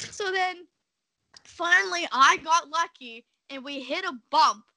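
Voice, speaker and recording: A young woman, a podcast guest, telling a story in casual chat, animated and laughing often, acting out the quotes. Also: very high voice, unhurried.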